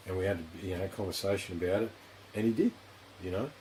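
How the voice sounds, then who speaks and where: A man's voice: low-pitched, fast talker, darkish tone, slight background noise, poor audio. An Australian man hosting a podcast in a studio, talking in a rambling, frank way with plenty of swearing and filler phrases. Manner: rambling, frank, heavy swearing, constant "you know". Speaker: podcast host. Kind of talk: casual interview chat.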